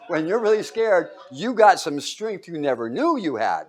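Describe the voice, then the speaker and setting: A man's voice: fairly high pitch, big pitch swings, a little slow. A man preaching in a casual, storytelling way, often chuckling and asking his listeners questions. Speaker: preacher teaching a Bible study. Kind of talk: casual sermon.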